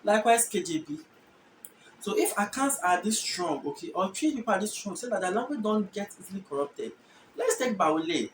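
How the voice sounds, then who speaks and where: A host from Ghana giving an explanatory language lesson, thinking aloud and slowly repeating each word. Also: mid-range voice, lively intonation. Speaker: channel host teaching languages. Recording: echoey room with faint background noise.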